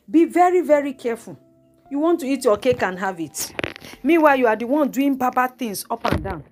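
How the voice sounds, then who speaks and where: A woman with a Nigerian accent giving mocking gossip commentary to her viewers, repeating herself and breaking into laughter. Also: sits high. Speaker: celebrity gossip vlogger.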